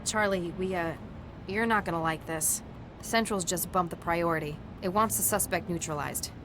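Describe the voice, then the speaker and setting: An actress playing a blunt police officer who talks in a dry, clipped way. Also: female voice, fairly low pitch, normal speed, noisy background, natural voice. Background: game music.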